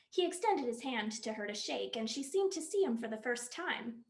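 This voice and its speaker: A woman reading a comic novel aloud in an animated storytelling voice. Her voice is high and rises and falls freely. The recording has a roomy echo. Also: moderate pace, hardly any pauses. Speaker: library staff reader.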